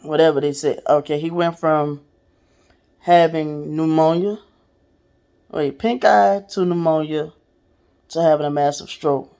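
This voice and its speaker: A woman's voice: sits low, steady tone, measured pace, pauses often, dark tone, muffled recording. A woman hosting a podcast, telling a personal story in a candid, profane, casual way and speaking straight to her listeners. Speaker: podcast host.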